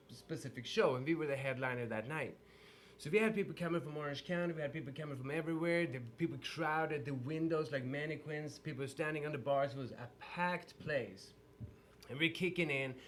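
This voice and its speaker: A man from Sweden with a Swedish accent, a guest telling stories in a casual interview in an animated way. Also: mid-range voice, a little hiss or hum. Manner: animated storyteller with restarts.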